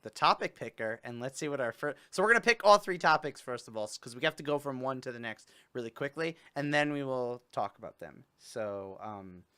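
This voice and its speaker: Bright, clear-voiced young man hosting a stream. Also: mid-range voice, lively intonation, fairly quick, few pauses. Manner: chatty, rambling, jokey with playful fake sobbing. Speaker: host. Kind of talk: casual livestream chat.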